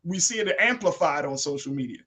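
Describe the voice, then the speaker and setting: A man hosting a casual news commentary show, animated and emphatic as he reads quotes aloud. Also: on the high side, a little fast. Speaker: talk show host.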